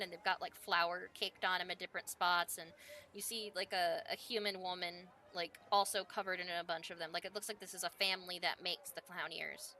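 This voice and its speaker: A woman's voice: on the low side, sharp tone. A woman narrating as game master, rambling and full of fillers as she describes the scene.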